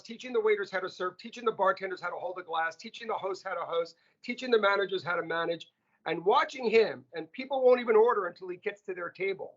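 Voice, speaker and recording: A man voicing his proud older Greek father, lecturing teachers in a heavy Greek accent. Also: fairly bright tone. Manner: booming, lecturing, insistent. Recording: muffled lo-fi audio.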